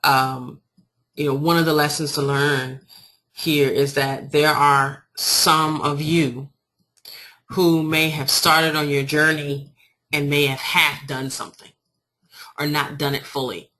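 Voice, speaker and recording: A woman giving an informal marketing training talk, telling her story in an animated, emphatic way. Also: deep voice, slow pace. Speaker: online marketing coach.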